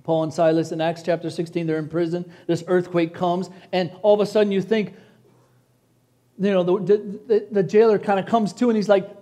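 A man from Chicago preaching a sermon to his congregation, dropping to soft, hushed passages and rising to loud, exclaiming peaks. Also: high voice, little pitch movement, moderate pace. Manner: preacherly, addresses congregation as church. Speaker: pastor.

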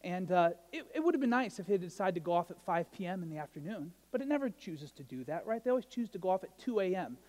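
High-voiced man preaching casually. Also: sing-song, quick pace, few pauses, a little mellow, big-room sound. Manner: conversational, asks the crowd "right?", tells jokey stories. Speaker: pastor. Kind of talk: sermon.

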